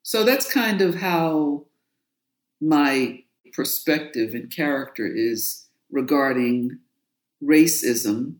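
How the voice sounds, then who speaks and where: A woman's voice: deep voice, expressive, takes it slowly. A woman from New York, an author and guest in an interview, telling her story in a forthright, emphatic way. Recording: roomy echo.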